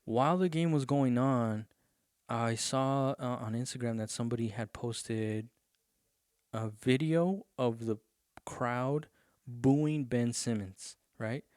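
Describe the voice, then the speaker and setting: A man's voice: medium pitch, takes it slowly, darkish tone, clear, resonant tone, no room sound, clean studio sound. A young man hosting his own podcast, talking loosely and profanely with lots of fillers. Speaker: podcast host. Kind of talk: casual solo podcast rant.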